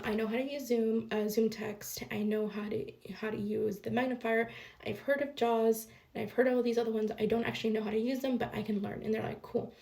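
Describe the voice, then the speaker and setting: A young woman telling a personal story to her viewers in a fast, animated way, often checking in with "okay?", tired late at night. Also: mid-range voice, vocal fry. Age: young adult. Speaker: vlogger. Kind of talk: casual storytelling to camera.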